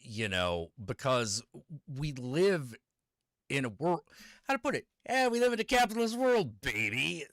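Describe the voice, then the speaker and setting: Guy chatting on a podcast, voice jumps all over, loud then mumbly, dry sound. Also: moderate pace, no room sound. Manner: animated, swinging between loud emphasis and low mutters. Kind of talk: casual chat.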